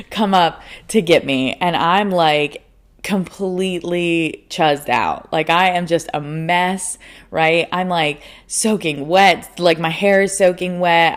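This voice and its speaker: A young woman hosting a podcast, telling a personal story in a casual, animated way, laughing often and swearing freely. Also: sits low. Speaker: podcast host.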